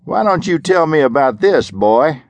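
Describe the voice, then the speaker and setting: A folksy, menacing older sheriff, voiced by a man who pushes his low voice noticeably higher and slower. He drawls and mocks, leaning on each word, in a dry, close audiobook read. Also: very animated, dry recording. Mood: taunting. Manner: drawling, mocking.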